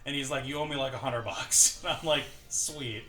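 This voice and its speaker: A man's voice: mid-range voice, moderate pace, bright, forceful tone, echoey room. A man hosting a gaming show, telling a story in a casual chat, swearing freely and laughing as he goes.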